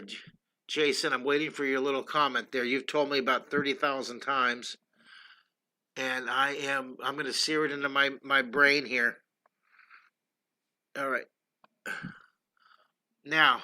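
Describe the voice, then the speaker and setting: A man's voice: mid-range voice, fairly even intonation, measured pace, pauses often, pushed and bright. An older man hosting a casual livestream drawing lesson, chatty and enthusiastic, greeting viewers by name while he draws. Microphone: computer streaming setup.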